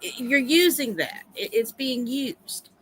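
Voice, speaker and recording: A woman chatting as a guest on a livestream panel, lively and quick to laugh. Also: high-pitched, a little hiss or hum, rough recording. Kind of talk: casual stream chat.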